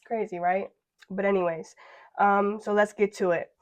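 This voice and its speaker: A young woman introducing her vlog episode, apologetic and low-key. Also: fairly even intonation, normal speed. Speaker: vlogger.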